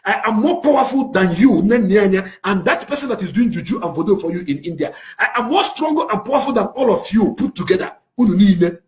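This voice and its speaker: A man with a Nigerian accent delivers a fiery, impassioned rant to the camera, swinging between shouting and low, intense passages. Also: lively intonation, fast talker, hardly any pauses. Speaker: activist speaking to camera.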